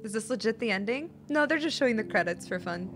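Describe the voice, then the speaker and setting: A young woman streaming a horror game, reacting casually and excitably, swearing and gasping as she plays. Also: fairly high pitch, fast talker. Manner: excitable, swears, frequent gasps and squeals. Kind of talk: casual live gameplay reactions. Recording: game music playing behind.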